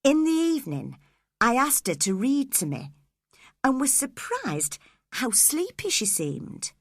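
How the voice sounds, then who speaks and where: A woman reading an audiobook as a measured storyteller. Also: sits high, huge pitch swings, no room sound, clean studio sound. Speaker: audiobook narrator. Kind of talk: scripted audiobook narration.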